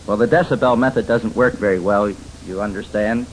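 A man's voice: lowish voice, a little fast, slight background noise, low-quality recording. A man teaching about biblical counseling in an emphatic, folksy way, with many fillers and stories. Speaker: Christian counselor lecturing. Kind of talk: teaching lecture.

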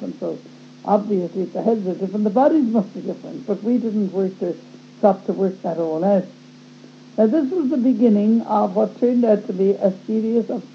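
A woman telling a personal story in a plain, wry way, recorded on a dull lo-fi tape with a faint hum. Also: medium pitch. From Ireland. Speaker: speaker giving testimony.

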